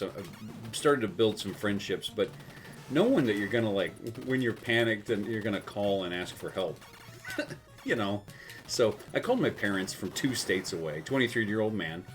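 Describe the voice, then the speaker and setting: A man's voice: fairly low pitch, a bit bright. A man from South Texas telling a rambling, self-mocking story while he plays a game, laughing often. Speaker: gaming video host. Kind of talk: storytelling over gameplay.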